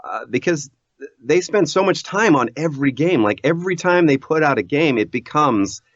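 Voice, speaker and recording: A man who works as a voice actor, chatting casually as an interview guest in an animated, self-deprecating way and laughing often. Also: fairly high pitch, normal speed, no echo. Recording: dull lo-fi audio.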